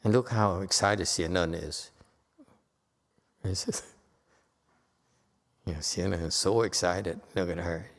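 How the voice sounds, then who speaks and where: A man giving a Buddhist dharma lecture in a temple hall, playful and teasing, jumping from loud emphatic lines to quiet asides. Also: low-pitched, takes it slowly, pauses often. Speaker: Buddhist teacher.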